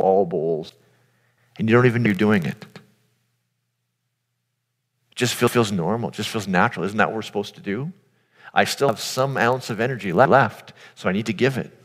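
A man giving an earnest, informal sermon, speaking directly to his audience. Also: lowish voice. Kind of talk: conversational sermon. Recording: long hall reverb.

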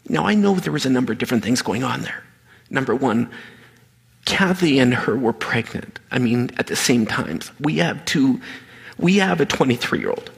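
A middle-aged pastor preaches a sermon to an audience in a large, reverberant hall. His medium-pitched voice is gravelly, husky, and a bit bright. He tells a story with animation and drops almost to a whisper at the emotional moments.

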